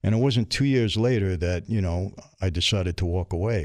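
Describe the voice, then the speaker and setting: Middle-aged New man, low voice, streetwise storyteller, dry studio sound. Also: moderate pace, no room sound. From New York. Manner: streetwise, vivid, acts out dialogue. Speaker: interview guest. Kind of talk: candid storytelling.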